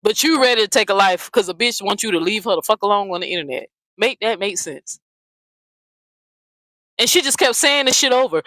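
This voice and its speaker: A woman's voice: medium pitch, animated, fairly quick, a bit bright, no echo, rough recording. A woman hosting a commentary channel, ranting bluntly and profanely, often repeating herself. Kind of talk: heated casual commentary rant.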